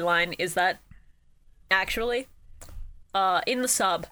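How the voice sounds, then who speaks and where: A woman's voice: mid-range voice, a little slow, sharp tone. A woman co-hosting a podcast, chatting playfully, laughing often and swearing. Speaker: podcast co-host. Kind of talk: casual chat.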